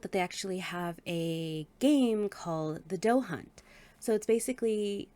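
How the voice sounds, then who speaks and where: A woman giving a casual book review. She speaks in an animated way, laughs often and swears casually. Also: mid-range voice, normal speed.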